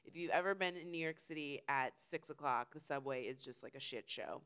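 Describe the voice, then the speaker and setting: A young woman who writes comedy, telling an animated story in casual chat and swearing freely. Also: rumbling low, brisk, clean tone. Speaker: late-night comedy writer.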